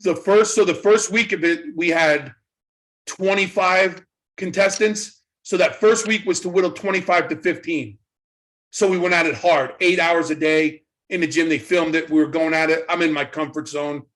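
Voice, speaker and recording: A middle-aged man, a guest in an interview, telling a story in a casual, animated way, often repeating his words as he goes. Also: on the high side, normal speed. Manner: animated retelling, acts out quoted voices, repeats words. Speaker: interview guest, former wrestling trainer.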